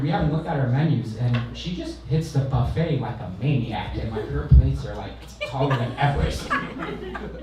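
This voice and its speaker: A man's voice: fairly high pitch, a little mellow, slight background noise. Brash, profane male comic in a roomy club. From San Fernando Valley, California. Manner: brash, profane, self-deprecating punchlines. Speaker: stand-up comedian. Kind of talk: stand-up set. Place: comedy club stage, live crowd. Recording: roomy live club sound from a distance.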